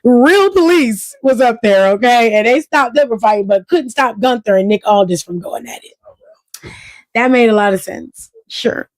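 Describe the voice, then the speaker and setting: A woman hosting a casual wrestling review, talking in an animated, profane way and acting out quotes. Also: fairly high pitch, moderate pace, no room sound. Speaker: wrestling show reviewer, host. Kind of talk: casual commentary.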